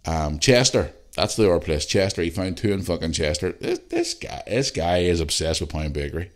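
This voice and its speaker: Speaking a little fast, a Northern Irish podcast host with a very low, deep voice rambles through a story at home in his living room. It's casual solo storytelling, animated and full of fillers and restarts, and he swears freely.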